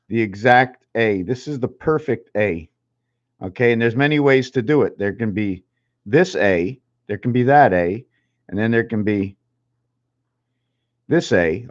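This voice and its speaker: Halting, musing man on a dull recording. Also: medium pitch. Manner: musing, halting, spells and counts aloud. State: a little out of breath. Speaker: channel host. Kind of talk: rambling numerology talk while drawing.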